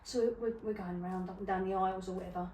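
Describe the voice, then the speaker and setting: A middle-aged woman co-hosting a podcast, telling funny stories in a casual chat, animated, laughing often and swearing freely. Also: medium pitch, fast. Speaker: podcast co-host. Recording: roomy, distant mic with faint noise.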